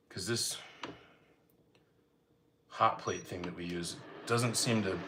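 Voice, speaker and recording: A man's voice: lowish voice, noisy background. Laid-back man chatting while cooking live. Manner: relaxed, rambling, greets chat by name. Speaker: cooking livestream host. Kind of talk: casual live cooking chat with viewers. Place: home kitchen.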